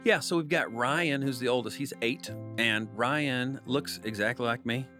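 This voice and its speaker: Lively joking male storyteller. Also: mid-range voice, normal speed, soft background music. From Kansas, United States. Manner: animated, jokey storyteller. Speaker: singer-songwriter guest. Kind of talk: casual storytelling interview.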